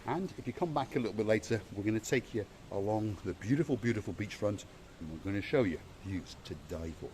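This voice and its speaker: A man's voice: fairly low pitch, lively intonation, fast, a little mellow, a little hiss or hum. A man hosting a vlog, giving a playful, theatrical guided tour of a hotel. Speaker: vlog host. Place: outdoors and indoors at a hotel.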